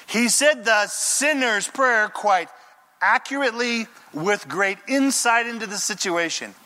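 A male pastor delivering a lively sermon in a casual, conversational way and putting questions to his listeners. His voice sits high and sounds bright and crisp.

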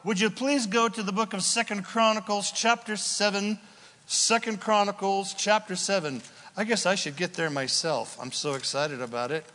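Enthusiastic preacher in a reverberant hall. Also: male voice, high voice, fairly bright tone. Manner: enthusiastic, playful, conversational. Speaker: pastor. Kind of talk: sermon with slides.

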